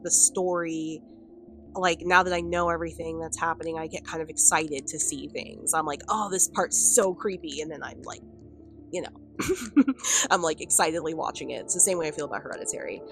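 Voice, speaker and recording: A woman's voice: low voice, fairly bright tone. A woman talking casually to camera in a commentary vlog, rambling with lots of fillers and the odd laugh. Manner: rambling, filler-heavy with frequent "like" and "um"; chatty, laughs between points. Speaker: video commentator. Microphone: camera on a stand.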